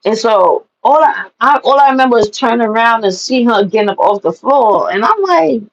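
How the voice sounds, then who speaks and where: A woman telling animated, profane personal stories to the camera and laughing at them. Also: a little high, moderate pace, slight background noise, low-quality recording. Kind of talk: casual storytelling to camera.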